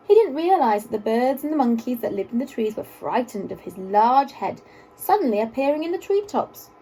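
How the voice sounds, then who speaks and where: A woman reads a children's picture book aloud in an expressive, sing-song storytelling voice. Her pitch rises and falls a great deal, sitting fairly high, while her tone stays warm and mellow. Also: slight background noise, rough recording.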